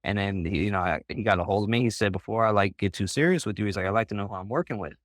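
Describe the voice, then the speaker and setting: As a guest on a group voice call, a man with a fairly low, racing voice tells a long, casually rambling story. He peppers it with "like" and "bro" and keeps restarting sentences, and the sound is dry with almost no room echo.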